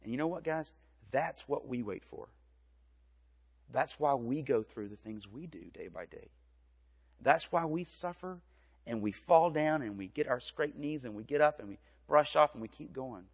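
Guy preaching a kids' sermon, gentle and simple, echoing hall, muffled recording. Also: mid-range voice, expressive, normal speed, breathy edge. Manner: gentle, storytelling, speaking simply to children. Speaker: pastor. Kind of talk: children's sermon. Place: church. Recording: reverberant church, dull lo-fi sound.

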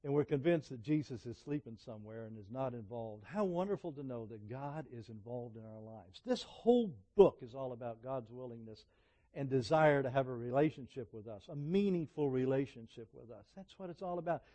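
A middle-aged man preaching a sermon, telling personal stories in a conversational way that swings from emphatic peaks to quiet asides. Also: medium pitch, animated, brisk.

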